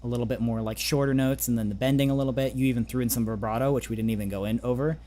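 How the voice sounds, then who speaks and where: A man coaching singing in a relaxed online session, talking gently with many restarts and fillers, now and then singing a few scale notes. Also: medium pitch, very fast, slight background noise. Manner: sings short scale demos. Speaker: vocal coach. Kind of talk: casual vocal lesson over a call.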